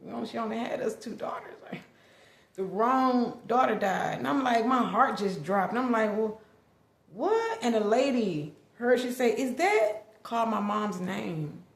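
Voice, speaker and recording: A woman's voice: a little high, normal speed, vocal fry. A middle-aged woman, candidly telling a personal family story with lots of "like" and restarts. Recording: echoey room.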